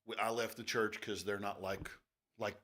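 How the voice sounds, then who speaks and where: Easygoing low-voiced male radio host. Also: normal speed. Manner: relaxed, thinking aloud with fillers. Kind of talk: casual radio talk. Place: radio studio.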